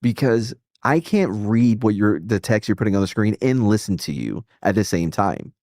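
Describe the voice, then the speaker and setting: A man hosting a casual live stream rambles and swears, constantly restarting and interrupting himself. His lowish voice is animated and a little mellow at normal speed, with clean studio sound and no room sound.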